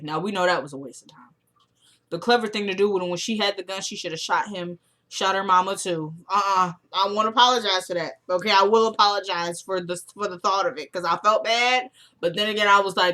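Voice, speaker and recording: A woman recapping a TV episode in a casual, blunt, opinionated way, full of slang and quick swings from loud to quiet. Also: medium pitch. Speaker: TV recap vlogger.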